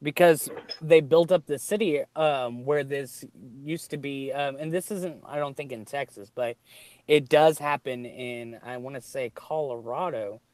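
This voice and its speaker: A man's voice: medium pitch, measured pace, darkish tone, dry recording. A man from the United States hosting a casual chat, rambling with many ums and hedges. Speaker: host.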